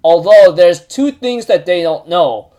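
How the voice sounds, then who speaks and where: A young man recaps a comic chapter in a loose, rambling way. He fills his talk with fillers and chuckles, in a fairly high pitch. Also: lively intonation, unhurried, mellow. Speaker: manga recap host. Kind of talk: casual chat.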